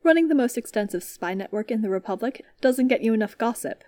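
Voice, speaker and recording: A woman's voice: medium pitch, expressive, moderate pace, mellow, no room sound, close to an everyday voice. A woman voicing a responsible young male Jedi knight who answers in a dry, understated way.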